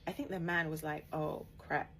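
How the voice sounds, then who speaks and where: A young woman telling a story in a casual, animated way, dropping her voice to quote others. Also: low-pitched, normal speed, creaky, slight background noise, low-quality recording. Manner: animated, laughing bursts, quoting others in a hushed voice.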